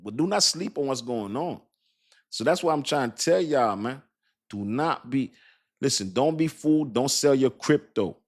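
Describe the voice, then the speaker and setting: A man's voice: medium pitch, animated, moderate pace. A man streaming casual, emphatic commentary to his viewers, repeating himself and asking them questions. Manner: emphatic, repetitive, talks straight to viewers with "y'all" and "you understand"; laughs and jokes about his own accent. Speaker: crypto streamer. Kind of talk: casual hype commentary to a live chat.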